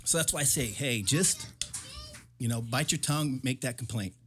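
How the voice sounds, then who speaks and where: A man's voice: mid-range voice, normal speed, fairly bright tone, a little hiss or hum. A middle-aged man in casual talk, earnestly repeating advice to get home safely. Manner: earnest, repetitive, advising.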